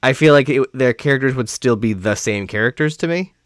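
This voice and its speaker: A man's voice: medium pitch, fairly quick, no room sound, studio quality. A man co-hosting a casual movie podcast, chatting back and asking questions. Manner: conversational, reacting and questioning. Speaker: podcast co-host.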